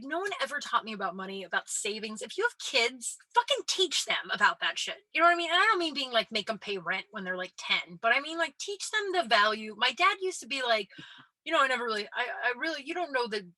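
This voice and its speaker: A woman's voice: fairly high pitch, bright, forceful tone, dry recording. A woman in her late thirties hosting a podcast, telling stories in a chatty, self-deprecating way, filling her talk with "like" and casual swearing. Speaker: podcast host and comedian. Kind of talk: casual storytelling monologue.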